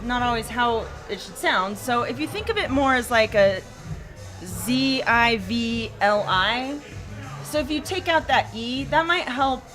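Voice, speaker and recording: A woman guest chatting casually on a live show, telling stories in an animated way. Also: high-pitched, moderate pace, hardly any pauses, soft background music. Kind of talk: casual chat.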